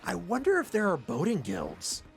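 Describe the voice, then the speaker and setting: A man's voice: high voice, wildly swooping pitch, normal speed, creaky, soft background music. A man streaming a game, chatting and joking casually, often exclaiming in surprise. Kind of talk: casual live-stream commentary.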